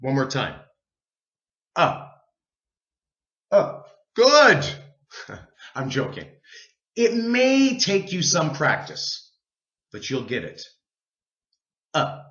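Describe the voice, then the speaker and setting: A man teaching an English pronunciation lesson, slow and deliberate, drawing out sounds for learners to repeat. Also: medium pitch, wildly swooping pitch, a bit bright, roomy sound, lo-fi sound.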